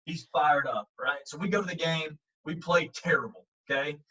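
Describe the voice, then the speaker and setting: A man, a baseball coach, tells a story with a bright, forceful voice, acting out the quotes as he goes. His voice sits a bit high for a man. He's set back from the mic, and the audio sounds a little dull. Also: moderate pace, recorded from a distance. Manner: animated, acts out quotes, frequent fillers. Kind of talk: casual storytelling in an interview.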